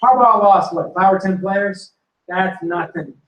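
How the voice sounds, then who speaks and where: A man telling animated football stories to an audience and acting out quotes and punchlines. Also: high voice, a little slow, muffled recording. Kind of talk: storytelling to a live audience. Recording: roomy hall recording from a distance.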